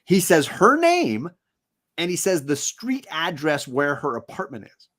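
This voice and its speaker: Animated man retelling movie scenes. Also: a little high. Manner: animated storyteller, acts out movie lines in quick voices. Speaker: co-host of a movie discussion show. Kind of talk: casual film chat.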